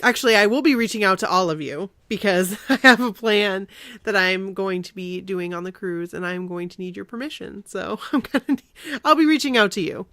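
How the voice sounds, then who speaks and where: A woman's voice: mid-range voice, brisk, sharp tone, dry recording, clean studio sound. A woman in her forties, guest co-host of a podcast, chatting in a bubbly, enthusiastic way. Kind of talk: casual chat.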